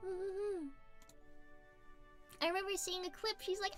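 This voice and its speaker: Bubbly, high-voiced woman streamer. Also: fairly even intonation, measured pace, pauses often. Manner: bubbly and giggly, chatty with fillers. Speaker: streamer chatting with viewers. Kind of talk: casual livestream chat, reading chat. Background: faint background music.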